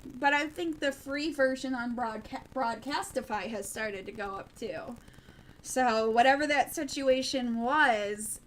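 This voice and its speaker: A woman's voice: a little high, a little slow, fairly bright tone, a little hiss or hum, poor audio. A young woman from the Midwest chatting casually on a late-night news livestream, rambling with plenty of ums and restarts. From American Midwest.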